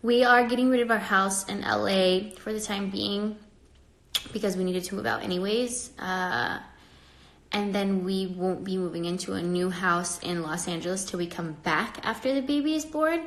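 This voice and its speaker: A young woman chatting with viewers on a livestream. She rambles casually and laughs often, her nose a little stuffy, and she turns animated when she's annoyed. Her voice sits mid-pitch and rings off the walls of an echoey room. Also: normal speed. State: pregnant, a bit stuffy-nosed. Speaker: livestream host.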